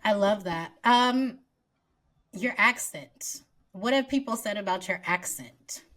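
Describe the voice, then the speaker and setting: A woman's voice: medium pitch, takes it slowly, a bit bright. A woman hosting a podcast interview, asking curious questions in a supportive way. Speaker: podcast host. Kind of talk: casual interview chat.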